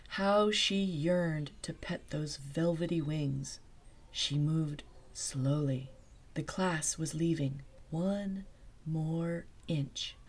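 A woman softly narrating a bedtime story, hushed and dreamy, sometimes dropping to a whisper. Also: low-pitched.

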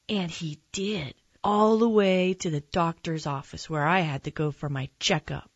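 A woman reads a children's picture book aloud, slow and gentle. Her voice sits a little low, with lively expression. The recording is dry and close, slightly dull in tone. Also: husky, no room sound. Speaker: storyteller.

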